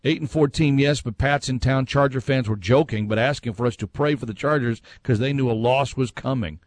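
A man's voice: medium pitch, a little fast. A man hosting a casual sports talk show, reading out listener messages and giving his own opinions. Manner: conversational, reads listener messages aloud and reacts with opinions.

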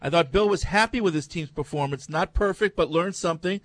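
A man's voice: fairly high pitch, a little fast, fairly bright tone, no echo. A man hosting a casual sports talk show, reading listener emails aloud between chat.

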